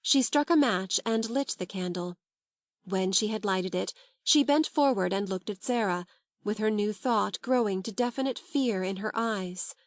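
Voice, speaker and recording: A woman narrating a classic novel as an audiobook, in a calm, measured, unhurried way. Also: medium pitch, dry recording, clean studio sound.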